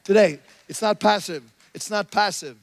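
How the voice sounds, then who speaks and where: A middle-aged male pastor preaching a sermon, moving between soft storytelling and shouted calls to the congregation. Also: high voice, moderate pace. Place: church sanctuary.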